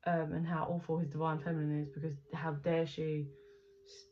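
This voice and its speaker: A woman with a fairly low voice talks through a tarot reading in a loose, rambling way, swearing now and then. The recording is dull and lo-fi, with a faint hiss of background noise. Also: flat delivery, moderate pace, a little mellow. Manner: chatty, rambling, swears casually. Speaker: tarot reader. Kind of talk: casual tarot reading narration.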